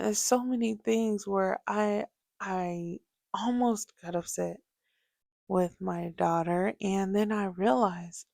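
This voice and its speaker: A young adult woman hosting a casual podcast, telling parenting stories with lively asides. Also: medium pitch, creaky, no echo, studio quality. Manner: animated storytelling, acts out quoted voices. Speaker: podcast host.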